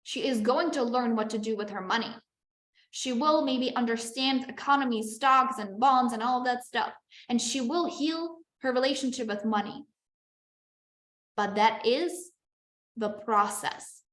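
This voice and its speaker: A woman with a fairly high voice leads a live online masterclass as a business coach. She speaks in a chatty, encouraging way and often checks in with her class. Her video-call audio has a roomy echo. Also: measured pace, a bit bright. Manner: chatty and encouraging, with frequent "like" and "okay".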